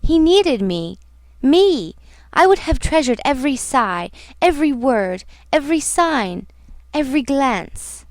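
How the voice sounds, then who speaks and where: A woman voicing a grieving, devoted young woman who speaks softly and haltingly, in an audiobook reading. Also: sits high, very animated, no room sound. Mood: heartbroken. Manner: soft, murmuring, slow and halting.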